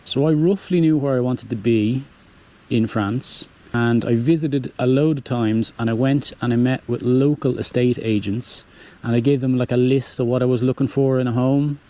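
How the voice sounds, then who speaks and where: Man, Dublin Irish accent, young adult, casual chat, rambling, self-correcting, mellow voice. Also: mid-range voice. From Ireland. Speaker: channel host answering viewer questions.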